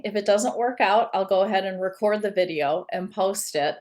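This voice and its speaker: A woman's voice: medium pitch, normal speed, few pauses, a little mellow. A woman business coach who talks in a chatty, welcoming way as she speaks directly to viewers in a live-streamed talk. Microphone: computer camera for a live stream.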